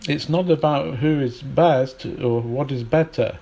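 A man gives a relaxed English lesson at an unhurried pace. His voice sits in an ordinary middle pitch, and he chats and thinks aloud, often pausing on fillers and restarting his sentences. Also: creaky, low-quality recording. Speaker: English teacher. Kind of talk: casual spoken lesson.

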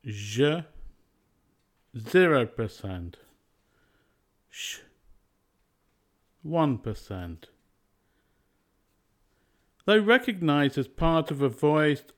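Very slow, deliberate male teacher. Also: medium pitch. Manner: slow and deliberate, carefully spaced words. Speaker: pronunciation teacher. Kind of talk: scripted pronunciation lesson.

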